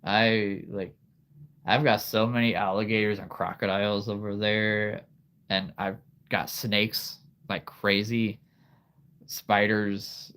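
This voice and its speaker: Brief: low-voiced livestream host, thirties, halting and unhurried. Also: male voice, little pitch movement, fairly bright tone. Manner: rambling, halting, laughs often. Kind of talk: casual live-stream chat.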